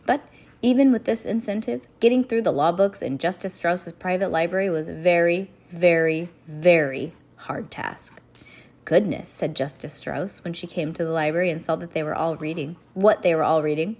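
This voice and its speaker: A woman reading a novel aloud, expressive, with occasional slips and restarts. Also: on the low side, moderate pace. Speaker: reader.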